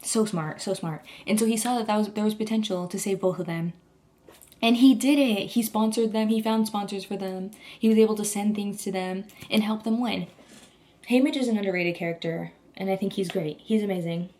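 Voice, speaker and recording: A woman's voice: medium pitch, fairly quick, mellow. Gushing young woman rambling casually. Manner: gushing, rambling, heavy use of "like". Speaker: vlogger. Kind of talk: casual chat.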